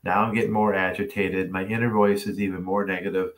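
A middle-aged man with a fairly low voice, speaking as a tennis coach leading a masterclass over a video call. He tells stories in a lively way and acts out the voices of the people he quotes. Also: a little fast. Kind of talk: storytelling masterclass talk.

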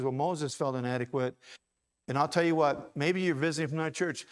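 A man preaching a sermon in a church, rising to loud, repeated calls and dropping to low, quick, conversational asides. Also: expressive. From Ohio. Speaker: pastor. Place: church sanctuary.

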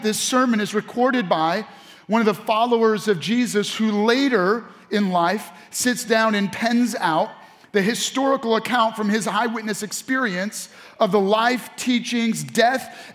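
Male pastor, high voice, animated sermon delivery, long church reverb. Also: measured pace. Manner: animated preaching with audience call-outs. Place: church sanctuary.

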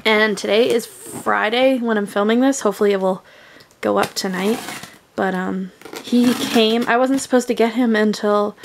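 A woman vlogger from Canada, unboxing a package at home in a casual, gushing, excitable way. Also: mid-range voice, normal speed, gravelly, a little hiss or hum.

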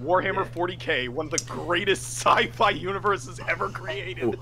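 A man's voice: high-pitched, moderate pace, creaky, crowd noise. A man chatting on a voice call, enthusiastic and opinionated. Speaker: guest on a voice call. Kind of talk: casual chat.

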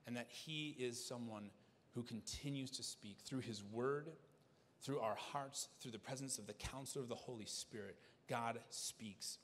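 Man, pastor preaching, middle pitch, earnest, restarts phrases, reverberant church hall. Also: normal speed, a bit bright, slight background noise. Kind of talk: sermon. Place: church sanctuary.

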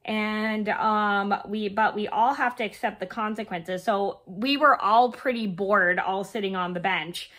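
A woman in her thirties, hoarse and scratchy from a cold, rambling through a casual storytime while she crochets, with many fillers and restarts. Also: mid-range voice, a little slow, few pauses, fairly bright tone. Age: 30s. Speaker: vlogger.

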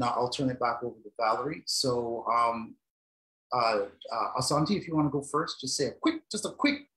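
Male moderator, Toronto accent with Jamaican flavor, emphatic; roomy echo on a call. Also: medium pitch. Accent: Toronto, Jamaican-influenced. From Canada. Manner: animated, emphatic, many restarts. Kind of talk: panel discussion.

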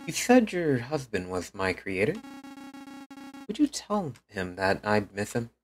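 A man voicing a polite male guard robot who talks in a stiff, measured way while reading game dialogue aloud. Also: lowish voice, very animated, faint music behind, rough recording. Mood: earnest.

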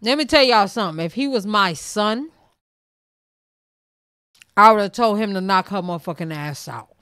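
Woman reacting on stream, blunt and loud, bright smooth voice, dry sound. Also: mid-range voice, lively intonation, normal speed, dry recording. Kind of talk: casual reaction chat.

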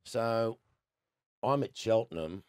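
An Australian man in his sixties, a guest telling lively stories in a casual chat, laughing often. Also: on the low side, slow, clean tone, no room sound, clean studio sound. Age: 60s. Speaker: guest, former cricketer.

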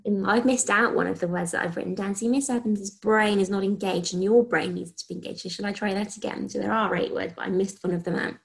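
A woman teacher from England talks young pupils through a recorded phonics lesson. Her voice carries a rough, creaky edge. She dictates sentences slowly and sounds out letters, with frequent cheerful praise. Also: mid-range voice, fairly even intonation. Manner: slow, clearly sounded dictation with encouraging praise. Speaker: primary school teacher.

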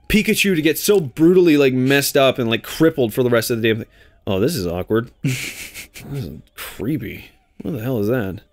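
A young Canadian man co-hosting a let's play, chatting casually and jokily as he plays. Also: mid-range voice. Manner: animated, jokey, does silly voices. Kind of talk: casual gaming commentary.

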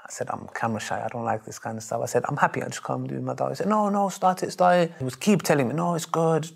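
A man, telling stories in an interview in a lively, emphatic way and acting out the voices he quotes. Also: mid-range voice, very fast, vocal fry, husky. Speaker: Muslim preacher interviewed. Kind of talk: animated storytelling in an interview.

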